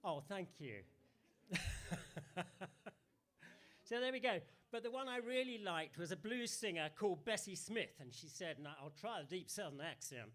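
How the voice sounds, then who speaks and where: A man's voice: sits high, animated, measured pace, pauses often, a bit bright. A man giving an all-age church talk, playful and chatty, asking the congregation questions. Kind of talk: sermon.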